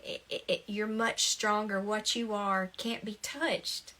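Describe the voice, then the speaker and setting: A middle-aged woman in an informal talk on self-help, earnest and reassuring. She speaks at an ordinary mid pitch, circles back over her phrases, and keeps a light, encouraging tone. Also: level tone, takes it slowly, bright, forceful tone. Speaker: spiritual talk host.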